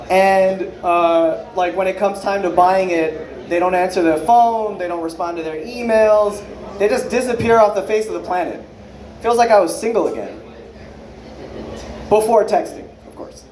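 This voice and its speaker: A man's voice: high voice, a little mellow. A man in his thirties doing an unrehearsed stand-up set, rambling loosely, swearing a lot and acting out other people's lines. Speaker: stand-up comedian. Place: comedy club stage with a live audience. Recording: echoey club room with crowd. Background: audience laughter.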